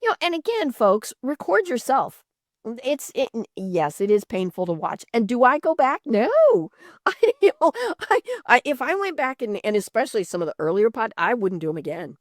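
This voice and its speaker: A woman's voice: a little high, sing-song, normal speed, dry recording, studio quality. A woman hosting a podcast, chatting casually with frequent fillers, restarts and laughs. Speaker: podcast host. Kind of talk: casual interview chat.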